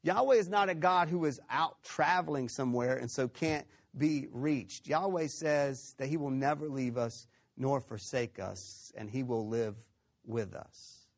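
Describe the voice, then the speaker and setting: A man preaching a sermon, retelling a story with lively acted-out quotes and frequent check-ins like "okay?". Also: medium pitch, unhurried. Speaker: pastor.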